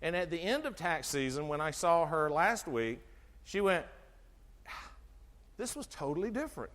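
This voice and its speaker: An animated middle-aged man gives a sermon-like health talk and quizzes his listeners as he goes. His voice sits high and swings up and down all the time. The sound carries the long reverb of a hall. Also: moderate pace. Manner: animated, asks the audience questions, acts out dialogue. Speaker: chiropractor giving a health talk.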